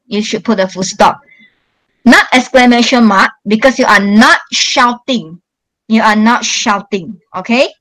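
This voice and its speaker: A woman's voice: fairly high pitch, a bit bright, rough recording. A woman, a teacher going patiently through exam questions in an online class, stressing each instruction. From Malaysia. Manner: slow, patient, emphatic instructions to pupils. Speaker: primary school English teacher.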